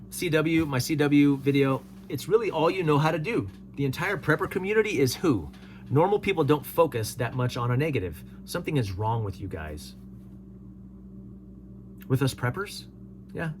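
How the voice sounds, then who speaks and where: A man's voice: mid-range voice, a little mellow, slight background noise. A man hosting a casual solo commentary show, reading viewer comments aloud and replying with dry chuckles. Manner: laid-back, reads comments aloud and replies with chuckles.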